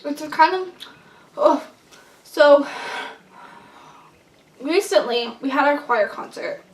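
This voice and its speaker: A young woman vlogger telling a long story in casual chat, rambling and excitable with lots of fillers. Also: high-pitched, slow. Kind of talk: casual storytelling while eating. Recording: echoey room, mic at a distance.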